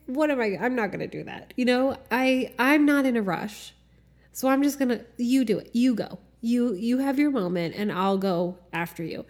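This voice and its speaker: A woman with a slightly high, darkish-toned voice hosts a solo podcast, thinking aloud in a candid, casual way. She swears and laughs frequently and uses plenty of filler words.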